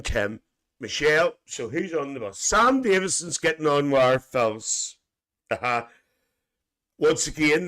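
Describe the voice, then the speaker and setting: A man's voice: mid-range voice, a bit bright. A Northern Irish man hosts a casual live stream, reading out viewers' comments and spinning a loose, joking story for them. He talks in a chatty, teasing way and slips a chuckle in every few lines. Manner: chuckles often between lines. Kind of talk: casual live chat, imagined coach trip.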